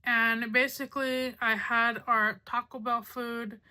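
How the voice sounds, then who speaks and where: A woman's voice: a little high, flat delivery, slow pace, bright, forceful tone, clean tone. A woman in her thirties from Arizona, chatting casually to camera and telling a dramatic story full of "like" and self-mocking asides. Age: 30s. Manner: dramatic storyteller, lots of "like", laughs at herself. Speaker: beauty vlogger.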